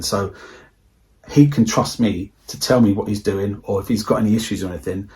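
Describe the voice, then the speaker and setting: A man's voice: lowish voice, brisk, dark tone. A man, telling a rambling school anecdote in a casual, chatty way on his movie vlog. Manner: rambling, repeats himself, chatty retelling. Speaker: movie collector vlogger.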